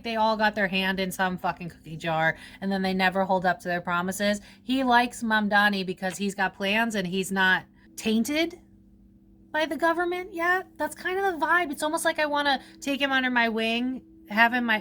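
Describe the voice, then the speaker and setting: A woman's voice: medium pitch, a bit bright. A woman giving a casual psychic reading, rambling, full of fillers and casual swearing. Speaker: psychic reader.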